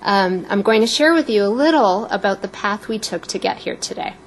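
A Canadian woman in her fifties delivers a prepared, personal speech as a guest speaker, warm and a little emotional. Her mid-range voice is animated and moderately paced, though the audio is poor with a slight hiss or hum.

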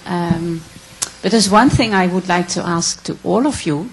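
A woman from the Netherlands asking a question from the floor, earnest, emotional and halting. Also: fairly low pitch, a little hiss or hum, low-quality recording. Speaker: audience questioner.

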